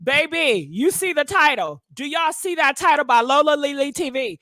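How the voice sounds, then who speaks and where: Sassy high-voiced woman gossip host. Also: lively intonation, moderate pace, a bit bright, no echo, clean studio sound. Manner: sassy, talks straight to viewers, calls them honey. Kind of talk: casual livestream gossip chat.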